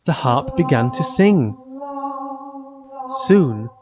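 Slow man reading a children's fairy tale. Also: mid-range voice, very animated, music in the background. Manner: slow, simple, evenly paced storytelling. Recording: dull lo-fi recording.

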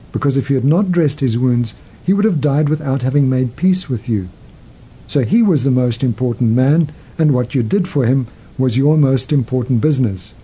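A man voicing an old, weak, wise male hermit who speaks calmly, with a husky voice. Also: medium pitch, rough recording.

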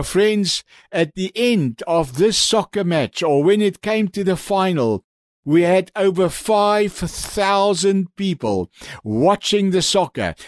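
A man preaching on the radio as a pastor, telling an animated story and calling his listeners friends. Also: high-pitched, dry recording, studio quality.

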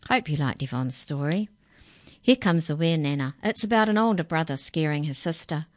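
A woman reading a children's story aloud in a gentle, patient way. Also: low voice, animated, moderate pace, no echo.

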